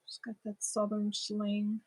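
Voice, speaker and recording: A woman's voice: medium pitch, monotone, measured pace, a little mellow, breathy edge. A woman with a German accent, a native German speaker, chatting casually with viewers as host of a crochet livestream, answering comments and laughing at herself.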